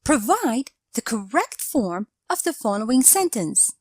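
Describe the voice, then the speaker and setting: Lady reading a grammar lesson, real slow and measured, voice goes up and down a lot. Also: fairly high pitch, big pitch swings, breathy edge, no echo. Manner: deliberate, explanatory, measured phrasing. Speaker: English grammar teacher. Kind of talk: scripted teaching narration.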